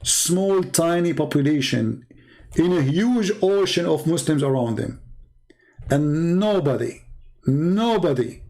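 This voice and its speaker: This Christian apologist, a man from the Middle East, talks in English with a warm, medium-pitched voice. His casual monologue is emphatic and repetitive, and his grammar is broken.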